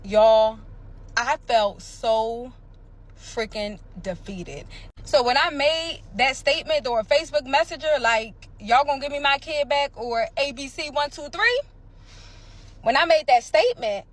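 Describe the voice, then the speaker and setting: Woman, storytime vlog, slightly high-pitched, emphatic, animated retelling with sound effects. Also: unhurried. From Pennsylvania, USA.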